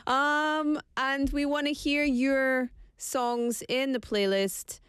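A woman's voice: high-pitched, steady tone, takes it slowly, fairly bright tone, no echo. A Scottish woman hosting a radio show in a studio, chatting playfully and teasing herself as she goes. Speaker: radio host. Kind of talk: casual radio chat.

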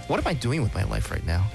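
A man's voice: medium pitch, vocal fry. A man co-hosting a radio show, chatting playfully and slipping Korean words into his English. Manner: playful, animated, mixes in Korean. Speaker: radio co-host. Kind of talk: casual bilingual radio banter.

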